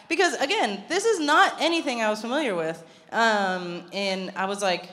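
A woman's voice: on the high side, animated, a little slow, fairly bright tone, slight background noise. Chatty woman pastor, laughing easily. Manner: chatty, self-deprecating, laughs often. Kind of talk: conversational sermon. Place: church sanctuary.

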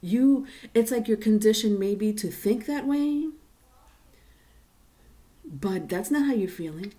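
A woman's voice: medium pitch, takes it slowly, warm tone. A woman giving a casual tarot reading to viewers, rambling and chatty with many fillers and restarts. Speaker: tarot reader.

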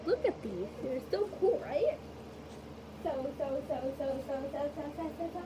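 A woman chats as she sorts paper crafts with a friend, her voice high. She repeats phrases in a sing-song way. The home recording is full of background noise. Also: lively intonation, measured pace. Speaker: co-host sorting crafts. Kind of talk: casual chat on camera.

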